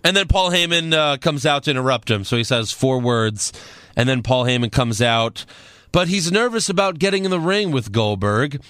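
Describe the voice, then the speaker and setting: A man's voice: mid-range voice, lively intonation, normal speed, a bit bright, smooth, dry recording. A man recapping last week's wrestling on a casual podcast, telling it like a story with wry asides. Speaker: podcast co-host.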